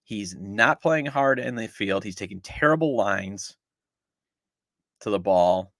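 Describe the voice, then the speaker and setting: A man's voice: on the low side, expressive, takes it slowly, a bit bright, no echo, studio quality. A middle-aged man hosting a sports podcast, ranting with exasperated sarcasm about his team. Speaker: podcast host. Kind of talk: opinionated sports talk.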